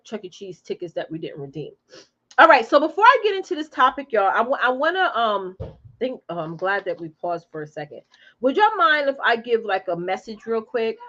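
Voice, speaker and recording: A woman's voice: mid-range voice, fairly bright tone, dull audio. A woman in her forties chatting casually from home, reading out viewer comments and talking straight to them. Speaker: live stream host. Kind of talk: casual chat with live viewers.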